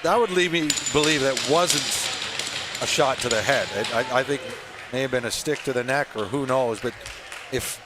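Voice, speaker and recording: A man doing color commentary, excitable and stammering through restarts. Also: mid-range voice, normal speed. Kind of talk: live sports commentary. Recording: loud arena crowd and noise.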